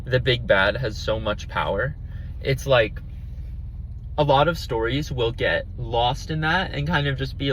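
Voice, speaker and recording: In a low-quality recording, a man with a mid-range, fairly bright voice speaks at a measured pace while hosting his solo podcast from the car. He's casual, sincere and enthusiastic, rambling with plenty of fillers and restarts as faint road noise plays underneath.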